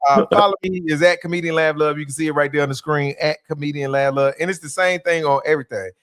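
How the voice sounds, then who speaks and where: Laid-back joking comedian, dry sound. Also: male voice, a little high, steady tone, fast, fairly bright tone, smooth, no echo. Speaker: comedian guest. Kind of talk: casual interview chat.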